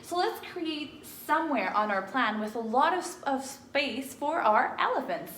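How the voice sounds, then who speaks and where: Speaking in a high, very animated voice, the woman takes her time, sounding a bit bright over slight background noise. She's a first grade teacher patiently teaching young children math, using lots of fillers, in an echoey home room with a whiteboard during a recorded lesson.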